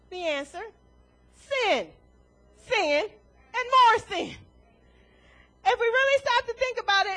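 Very high-voiced woman preaching. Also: fairly bright tone. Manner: emphatic, rhetorical questions, chuckles between points. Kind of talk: sermon. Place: church before a congregation.

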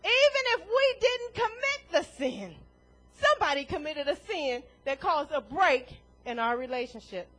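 A woman's voice: high-pitched, lively intonation, moderate pace, sharp tone. A woman preaching a sermon to a congregation in a church, emphatic and full of rhetorical questions, chuckling between points.

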